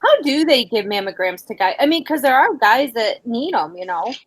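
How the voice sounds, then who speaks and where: A woman's voice: on the high side, very animated, normal speed, dry recording, rough recording. A woman hosting a casual livestream chat, talking with friends in an easygoing way. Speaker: reseller livestream host.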